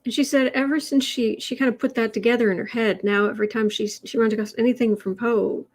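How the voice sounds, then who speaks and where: A woman with a slightly high, steady voice talks fast over poor-quality audio. She's hosting a tarot and astrology livestream, chatting casually and reading viewer comments aloud. She rambles and restarts often, letting out soft laughs as she goes.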